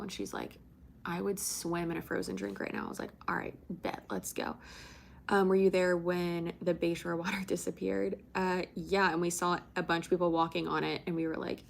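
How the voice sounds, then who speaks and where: A woman's voice: on the low side, fairly even intonation, fairly quick, vocal fry, a little hiss or hum. A young woman from Florida chatting casually on a livestream, rambling with many fillers and casual swearing. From Tampa, Florida. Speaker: livestream host.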